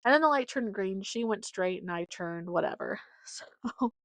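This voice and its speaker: A young woman from Nebraska hosting a podcast, telling rambling stories in a chatty, casual way with lots of fillers and animated quoted voices. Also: medium pitch, moderate pace, dry recording. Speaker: podcast host. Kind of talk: casual storytelling monologue.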